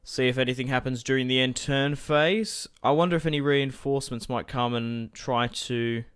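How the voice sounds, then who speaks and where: A gaming channel host with a smooth, clear, medium-pitched and fairly bright voice commentates casually on his strategy game. He thinks out loud, wanders into asides to viewers and fills pauses, speaking close to a desk mic.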